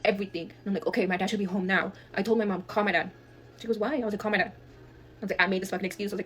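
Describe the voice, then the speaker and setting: A young woman from Texas telling a wild family story in a fast, profane, animated way, acting out the dialogue. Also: medium pitch. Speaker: guest storyteller. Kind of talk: casual storytelling.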